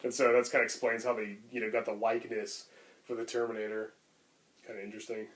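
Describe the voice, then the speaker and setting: A man's voice: fairly low pitch, flat delivery, quick pace. A man co-hosting a podcast, talking casually and enthusiastically about films, rambling with lots of fillers. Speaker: podcast co-host. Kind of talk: casual chat.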